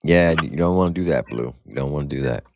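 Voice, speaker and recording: A man's voice: very deep voice, fast, slight background noise. A man hosting a casual talk show, speaking in an easygoing, conversational way as he brings a caller on. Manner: laid-back, conversational. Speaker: show host.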